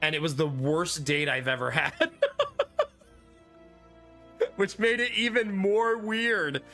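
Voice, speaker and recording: A man in his thirties plays a card game on stream, chatting casually with viewers and laughing a lot. His voice is a little high, pushed, and bright, with a steady tone and slow delivery, and faint game music sits in the background.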